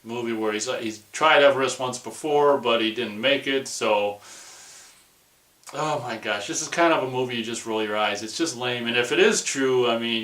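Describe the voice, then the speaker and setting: A man's voice: medium pitch, fairly bright tone, distant mic. Rambling man in an echoey room. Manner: rambling, dismissive, many restarts and fillers. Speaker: movie reviewer. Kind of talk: casual rambling video review.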